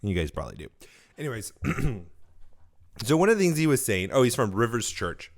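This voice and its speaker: A man's voice: medium pitch, big pitch swings, a little fast. A man hosting a faith-themed podcast alone, talking in a rambling, self-correcting way while getting over a cold that leaves his throat dry. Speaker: podcast host. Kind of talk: casual solo podcast commentary.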